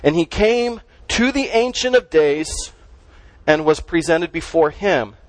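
Conversational preacher with a high voice. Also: male voice, animated, slow, no room sound, rough recording. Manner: conversational, emphatic preaching with rhetorical questions. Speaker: pastor. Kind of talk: sermon.

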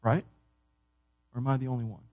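A pastor preaching a sermon to his church, moving between loud emphasis and hushed, low delivery, and asking the congregation questions he then answers. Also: flat delivery, a little fast, no echo, highs cut off. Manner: asks the congregation questions and answers them himself.

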